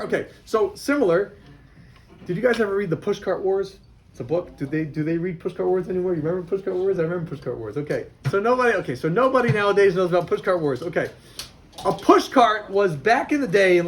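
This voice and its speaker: A man's voice: high voice, a little hiss or hum. A man, a rabbi, teaching a class of boys and telling them a story, often repeating himself.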